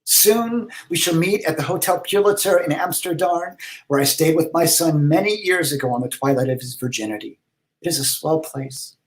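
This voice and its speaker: A man voicing an eccentric, pompous, flamboyant letter writer in a high, theatrical voice with drawn-out words, reading letters aloud for comedy. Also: close to an everyday voice, low-quality recording. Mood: grandiose.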